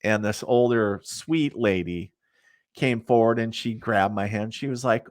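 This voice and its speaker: A man's voice: fairly low pitch, measured pace, dry recording, studio quality. A middle-aged man, a psychic medium, chatting as a podcast guest and telling rambling stories full of fillers. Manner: rambling, many fillers, laughs at his own stories. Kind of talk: casual storytelling in a podcast interview.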